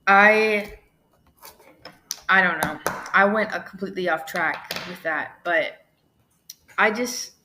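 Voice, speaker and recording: Bright-voiced young woman podcaster, swearing. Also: fairly low pitch, takes it slowly, pauses often, slight background noise. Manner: chatty, swears freely, lots of "like" and "you know". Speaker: podcast host. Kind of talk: casual solo podcast monologue.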